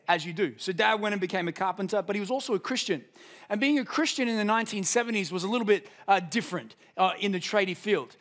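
A man's voice: high-pitched, quick pace, fairly bright tone. A young man preaching a sermon, telling stories and building to emphatic peaks. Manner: storytelling, rises to emphatic peaks. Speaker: pastor.

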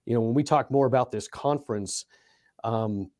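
A man's voice: mid-range voice, normal speed, darkish tone, dry recording, studio quality. A middle-aged man, a basketball coach, co-hosting a casual sports podcast with a laid-back, laughing manner.

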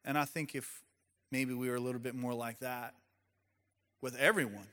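A man preaching a sermon, an animated storyteller who speaks straight to his congregation. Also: medium pitch, moderate pace. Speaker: pastor.

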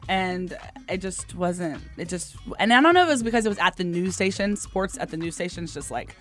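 A woman guest on a radio show, recounting her career path in a relaxed, soft-spoken way. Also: lowish voice, fairly quick, soft background music. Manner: relaxed storyteller, soft-spoken, with many ums and asides. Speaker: guest, company founder. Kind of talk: casual radio interview.

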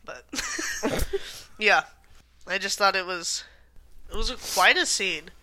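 A woman's voice: mid-range voice, expressive, takes it slowly, bright, forceful tone. A woman co-hosting a casual chat, telling stories with lots of fillers. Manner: chatty storytelling, frequent fillers and laughs.

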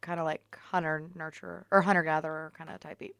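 A young adult woman co-hosting a casual podcast, chatty and excitable, peppering her speech with "like". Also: sits low, quick pace, clear, resonant tone, dry recording. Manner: chatty and excitable, heavy use of "like". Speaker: podcast co-host. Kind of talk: casual chat.

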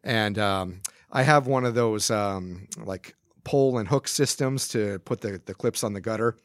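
A man telling an animated story in casual podcast chat, laughing often and swearing when he gets riled. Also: fairly low pitch, unhurried, dry recording, studio quality. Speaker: podcast regular.

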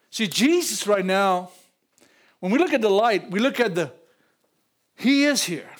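An older man preaching in a church, emotional, repeating phrases and rising to loud peaks. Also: high voice. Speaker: pastor. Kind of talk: sermon.

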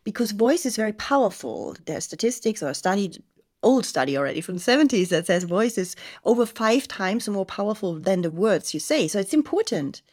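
A woman's voice: mid-range voice, very animated, fairly quick, a little mellow. A woman hosting a podcast interview, asking earnest, thoughtful questions in slightly non-native phrasing. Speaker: podcast host.

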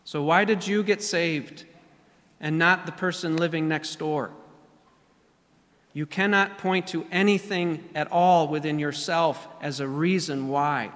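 A man with a somewhat high voice delivers a sermon as pastor. He speaks deliberately, repeating key phrases and drawing out his emphasis. His voice rings with the long reverb of a church hall. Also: fairly even intonation, fairly bright tone. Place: church sanctuary.

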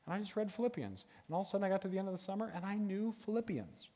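Middle-aged guy preaching, fun and animated, kinda high voice, long echo in the church. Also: racing. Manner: animated, jokey, bursts into sung movie lines. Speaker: guest speaker. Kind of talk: sermon. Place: church hall with an audience. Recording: long hall reverb.

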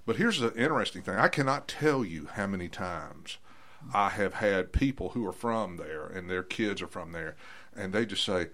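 Folksy host, lowish bright voice, opinionated. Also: male voice, animated, moderate pace. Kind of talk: casual chat.

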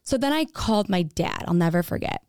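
A woman's voice: lowish voice, animated, fairly quick, darkish tone, dry recording, studio quality. A young woman candidly telling her own story in a casual way, acting out what others said. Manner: candid, frequent "like", acts out quoted dialogue.

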